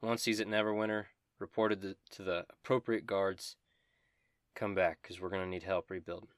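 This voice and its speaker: A man's voice: sits low, flat delivery, moderate pace, no echo, studio quality, lightly acted. A man doing a furious cursing sheriff woman. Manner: harsh, cursing, contemptuous.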